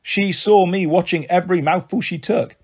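A man reads a children's novel aloud in a gentle, friendly way. His voice is fairly high and a touch husky. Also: normal speed. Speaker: storyteller.

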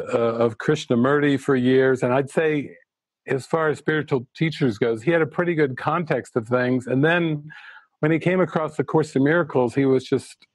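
A man giving an earnest, reflective retreat talk as a spiritual teacher, slowing down to stress key words. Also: mid-range voice, dry recording.

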